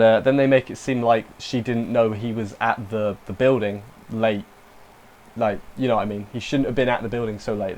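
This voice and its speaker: A young man giving a casual spoken review of an anime episode, rambling and breaking off mid-sentence with emotional asides. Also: mid-range voice.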